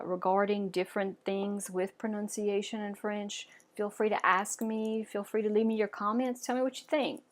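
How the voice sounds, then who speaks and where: A woman gives a French pronunciation lesson, modeling words clearly and waiting for listeners to repeat them. Her voice sits at an ordinary middle pitch. She sounds patient and upbeat and praises each attempt. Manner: patient, encouraging, with frequent "okay?" and "all right". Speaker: French teacher.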